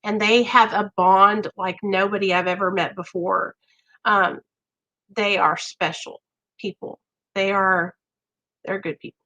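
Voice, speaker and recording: A woman's voice: mid-range voice, steady tone, unhurried, sharp tone, low-quality recording. A woman hosting a recovery live stream, talking straight to her viewers in an earnest, reassuring way. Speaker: recovery livestream host.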